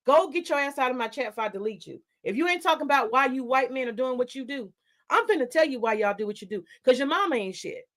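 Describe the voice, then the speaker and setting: A woman talks straight to her livestream chat. Her voice sits somewhat high, and she argues in a confrontational, profane, unfiltered way. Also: lively intonation, quick pace. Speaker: livestream host.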